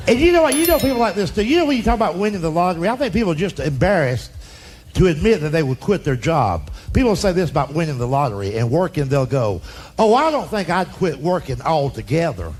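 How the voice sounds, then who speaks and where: An older male stand-up comedian tells folksy stories before a laughing audience, acting out relatives in drawling voices. His voice is on the high side and darkish, sing-song, and fast.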